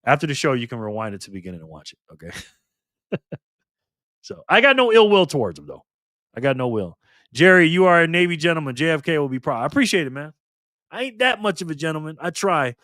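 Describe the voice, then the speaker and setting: A man in his fifties hosts a live stream in a loose, streetwise way, reading viewer comments and chatting back. His pitch swings widely as he talks, and it sits a little high for a man. The sound is dry and close. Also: big pitch swings, fast talker, a bit bright, no echo. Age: 50s. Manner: loose, streetwise talk with frequent "bro" and "man".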